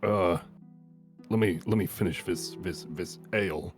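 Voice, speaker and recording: A man's voice: deep voice, unhurried, music in the background. A man voicing a weary male adventurer who relaxes over his ale, repeating himself as he talks. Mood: relaxed.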